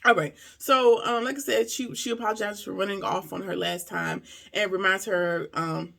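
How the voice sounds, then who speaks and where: A woman's voice: mid-range voice, fairly even intonation, moderate pace, creaky, a bit bright. A woman giving a casual, slangy episode recap and review, animatedly acting out the characters' lines.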